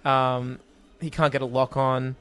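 A man's voice: mid-range voice, flat delivery, unhurried, fairly bright tone, clean tone, no echo. A man chatting casually as he comments on a movie, wry and chatty. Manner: wry, chatty, laughs often.

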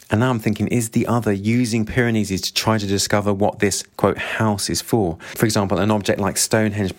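A man discussing a novel he is reading, quoting passages and musing aloud with questions to himself. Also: fairly low pitch. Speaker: book discussion host.

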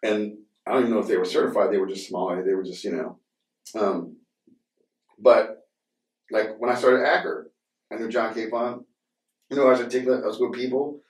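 A podcast host chats casually, rambling with many fillers and restarts. His lowish voice keeps a steady tone and moves fairly quickly, broken by long pauses. The sound is roomy, as if from a distant mic.

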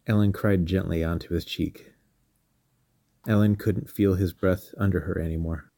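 A man narrating a scripted story in a calm, measured reading. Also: deep voice, no echo. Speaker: storyteller and podcast host.

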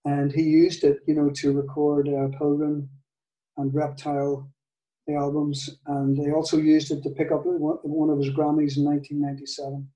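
An older man with a Northern Irish accent, telling a story in an interview, halting, with many restarts and soft laughs. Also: fairly high pitch, monotone, recorded from a distance, highs cut off. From Northern Ireland. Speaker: guitar maker, guest. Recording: echoey room, off-mic.

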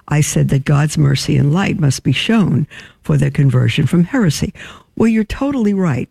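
Woman, religious sister, talk-show host, gravelly voice, mellow tone, earnest and halting, answering listener emails. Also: deep voice, no echo.

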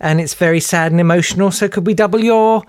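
A man's voice: sits high, fast talker, no echo, studio quality, voice pushed up, natural voice. A man voicing an overly chirpy male charity phone fundraiser who pleads in a rising, sing-song voice. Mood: wheedling.

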